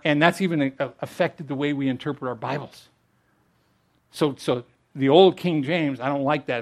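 A middle-aged man preaching a sermon in a somewhat high voice. He talks conversationally, restarting phrases, then presses his points with rising emphasis. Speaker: pastor.

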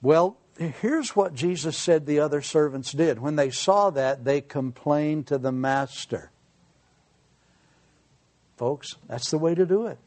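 A man preaching a sermon in a folksy, humorous way, dropping quiet for serious points. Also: on the high side, takes it slowly. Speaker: pastor.

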